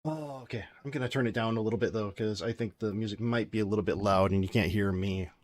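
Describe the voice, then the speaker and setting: A man streaming his game development live, thinking aloud as he works and chatting with his viewers in a relaxed, friendly way. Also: fairly low pitch, fast. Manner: thinks aloud while coding, mutters to himself; friendly, thanks chat viewers directly. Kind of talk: casual live-stream chat.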